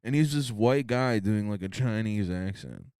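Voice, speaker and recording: A laid-back man riffing through casual comedic banter as a podcast co-host. His voice is low and dark. It sits dry and close in a small, dead room. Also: moderate pace, smooth, no room sound. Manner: laid-back, laughs often, says "dude".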